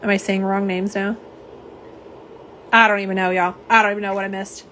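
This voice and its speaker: This livestream host talks through a nail polish unboxing and swatching session, reading out viewers' comments in a relaxed, chatty way. She speaks fairly quickly in a mid-range, slightly bright voice with little pitch movement, and there's a bit of background noise.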